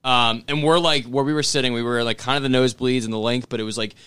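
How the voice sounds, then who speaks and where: A man telling a story in casual chat with friends, animated and cursing often. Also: medium pitch, quick pace, smooth, no echo. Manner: animated, swears a lot, laughs through the story.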